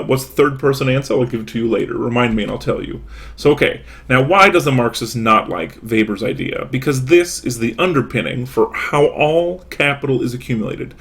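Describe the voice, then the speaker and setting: Chatty man giving a casual lecture. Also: mid-range voice. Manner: chatty, asides and rhetorical questions.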